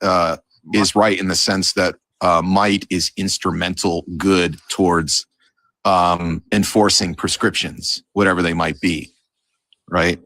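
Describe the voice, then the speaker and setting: A man in a casual philosophical debate, talking in an assertive, lecturing way and quick to correct others. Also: low-pitched, steady tone, sharp tone, no echo. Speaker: debate panelist.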